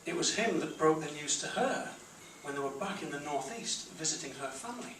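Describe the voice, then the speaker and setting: Geordie male stand-up, high-pitched, blunt and crude, roomy club sound from a distance. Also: lively intonation, a little fast, a bit bright, slight background noise. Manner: blunt, crude punchline delivery. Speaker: stand-up comedian. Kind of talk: stand-up comedy set. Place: comedy club. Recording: roomy club recording from far off. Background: audience laughter.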